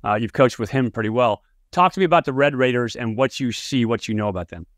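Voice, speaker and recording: A chatty male podcast host in his fifties who spins a yarn with easy energy. His voice sits at a middle pitch and sounds close and dry, with no room around it. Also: quick pace, no echo. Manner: chatty storyteller, animated when telling a tale. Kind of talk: casual interview with anecdotes.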